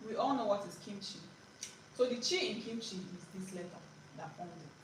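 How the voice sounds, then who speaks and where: A woman's voice: medium pitch, moderate pace. A woman teaching a live beginner language lesson. She is patient, repeats her points and often checks in with "right?". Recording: echoey room, distant mic, background noise.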